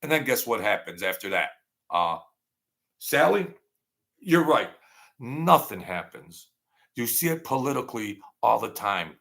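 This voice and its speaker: A man's voice: mid-range voice, sing-song, a little slow, creaky, long pauses, a bit bright. A man hosting a casual livestream, rambling and thanking viewers by name as he reads their comments. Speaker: channel host.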